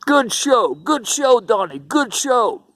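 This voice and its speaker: A man putting on an Italian-American mobster accent, voicing a mafia man drawling out slow, fawning praise. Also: very high voice, sing-song, a bit bright, no echo, pitched above the performer's own voice, full character voice. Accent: Italian-American mob impression. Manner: drawn-out, cheek-pinching greeting.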